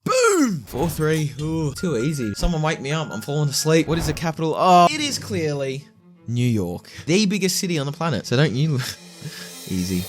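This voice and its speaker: A man's voice: a little high, expressive, normal speed, faint music behind. A young man hosts a comedy quiz video, joking and boasting in a playful way while he thinks aloud.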